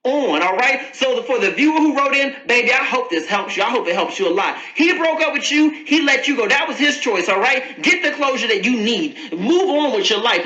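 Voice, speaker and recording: A woman's voice: medium pitch, bright, forceful tone. A woman hosting an advice talk for viewers, speaking emphatically, repeating key phrases and calling the listener baby. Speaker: advice show host. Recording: echoey room, slightly dull sound.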